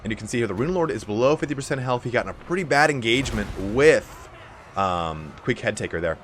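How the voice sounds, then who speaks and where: A young man with a raspy, allergy-hoarse voice giving casual play-by-play commentary on a strategy game match. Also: medium pitch, animated, fairly bright tone, a little hiss or hum. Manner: casual, fast-flowing play-by-play with fillers. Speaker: game caster.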